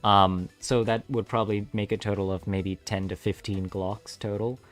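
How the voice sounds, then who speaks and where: A man's voice: on the low side, flat delivery, normal speed, soft background music. A young man live-streaming his game coding, chatting casually with viewers, easily distracted and laughing often.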